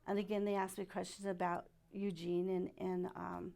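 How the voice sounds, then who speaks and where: A middle-aged woman giving a personal testimony at church, speaking softly and haltingly with many pauses. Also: fairly low pitch, level tone, creaky. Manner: halting and soft-spoken, many pauses and fillers.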